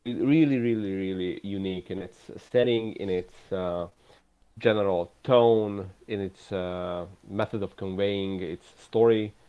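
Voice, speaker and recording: Man, low voice, halting, dull lo-fi mic. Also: clear, resonant tone. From Eastern Europe. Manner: hesitant, searching for words. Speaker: podcast guest. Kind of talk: casual podcast chat.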